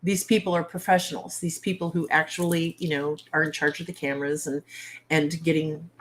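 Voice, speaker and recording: A woman's voice: sits low, level tone, fairly quick. A woman hosting a casual livestream from home, talking bluntly with exasperated, salty humor to her viewers. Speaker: livestream host.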